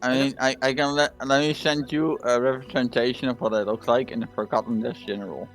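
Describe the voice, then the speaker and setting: A man's voice: mid-range voice, steady tone, brisk, faint music behind, low-quality recording. A man chatting playfully with fellow players before a tabletop session. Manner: joking, playful. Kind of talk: casual banter among players.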